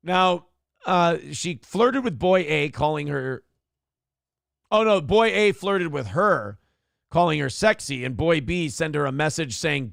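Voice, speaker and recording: A male livestream host with a gravelly, slightly higher voice and very lively pitch. He talks in a profane, mocking way, riffs on chat messages and acts out exaggerated lines. The sound is dry and close, with almost no room echo. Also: a little slow. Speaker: solo livestream show host. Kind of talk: crude comedic commentary, reading chat messages.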